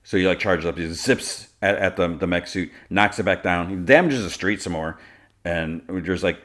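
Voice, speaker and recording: A man's voice: low-pitched, moderate pace, fairly bright tone. A man hosting a podcast, casually recapping a cartoon episode with lots of filler words. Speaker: podcast host.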